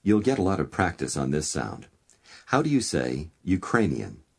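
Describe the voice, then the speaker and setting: A man narrating a language course in a calm, measured instructor's manner, prompting the learner to repeat. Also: extremely low pitch, gravelly, breathy edge.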